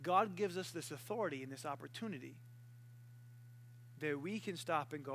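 A young man preaching a sermon, animated and playful, acting out voices and barking to make his point. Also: fairly high pitch, moderate pace, pauses often, a little hiss or hum.

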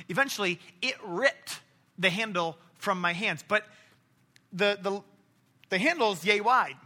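A man's voice: sits high, sharp tone. A man preaching a casual sermon, telling stories and acting out characters, with frequent restarts. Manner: storytelling, acts out characters in quotes.

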